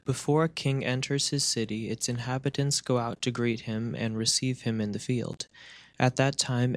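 Male reader with a monotone, measured delivery, recorded dry and close. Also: medium pitch, dry recording. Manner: steady, measured reading. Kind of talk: reading a religious text aloud.

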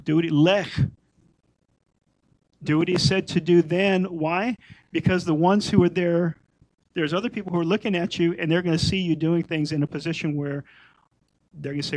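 Middle-aged male teacher with a higher voice who chats his way through scripture and hammers home key points by repeating them, on a dry recording. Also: steady tone, moderate pace, long pauses, darkish tone, dry recording, low-quality recording. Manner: conversational, repeats points for emphasis. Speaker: Messianic Torah teacher. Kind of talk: informal Torah teaching.

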